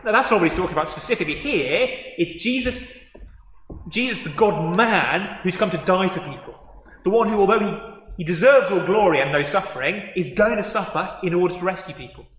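A man preaching a sermon, animated, acting out the quoted words with rising excitement. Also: sits high, a little fast, slight background noise. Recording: echoey hall with long reverb.

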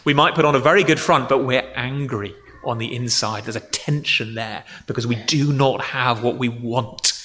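This preacher talks at a moderate pace with a pushed, bright mid-range voice that fills a large room. Addressing both children and adults, he explains through examples in a conversational way and voices grumbling quotes dramatically.

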